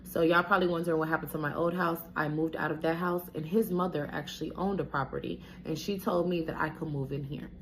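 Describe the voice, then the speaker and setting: A young woman with a low voice tells her story straight to the camera, blunt and salty, cursing freely and calling out to her viewers. There is a faint hiss of noise under her voice. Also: fairly even intonation, fast talker, hardly any pauses. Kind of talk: casual storytime monologue.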